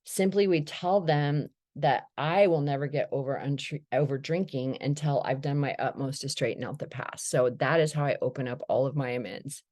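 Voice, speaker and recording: Low-pitched middle-aged woman chatting candidly about recovery, acts out the dialogue. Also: normal speed, hardly any pauses, a little mellow. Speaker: speaker sharing recovery story. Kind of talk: personal recovery talk.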